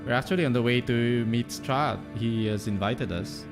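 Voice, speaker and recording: A man's voice: mid-range voice, normal speed, music in the background. A man playing a tabletop game, giving brief, easygoing, hedging replies in casual chat. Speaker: player.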